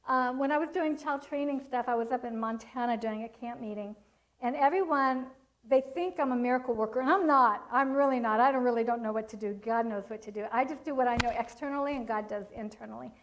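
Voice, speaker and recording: Speaking quickly in a higher-leaning voice, a middle-aged woman entertains a church audience with stories about training children, frequently laughing and performing the quotes herself. She's a Christian child-training speaker, and the recording quality is low.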